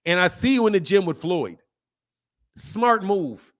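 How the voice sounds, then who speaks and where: High-voiced man on a heated profane rant. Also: big pitch swings, unhurried. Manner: heated, profane, hammering repetition; reads viewer comments aloud. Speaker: boxing channel host. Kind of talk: ranting boxing commentary to viewers.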